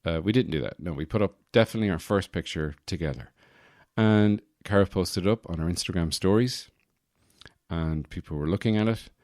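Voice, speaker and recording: A man's voice: low-pitched, brisk, darkish tone, no room sound, clean studio sound. A young man hosting a casual solo podcast from his apartment, rambling and joking with lots of self-correcting asides. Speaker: podcast host.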